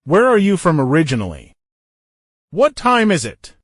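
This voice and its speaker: This English teacher's slightly high voice has a sing-song quality as he reads everyday phrases for beginners at normal speed. Each short phrase comes first alone, then inside a longer sentence, in a dry, clean studio recording.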